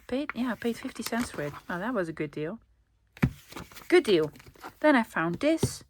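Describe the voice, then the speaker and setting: A woman's voice: fairly high pitch, sing-song, moderate pace, background noise. A woman from the Netherlands, chatting casually to camera as she shows off her thrift-store haul and coos over the pictures. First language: Dutch. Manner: chatty and enthusiastic, cooing over finds. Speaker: vlogger showing a thrift haul.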